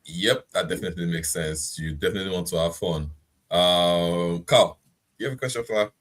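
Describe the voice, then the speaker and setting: A man hosting a casual gaming podcast, measured, leaning on "you know" as he talks. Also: deep voice, fairly bright tone. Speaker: podcast host.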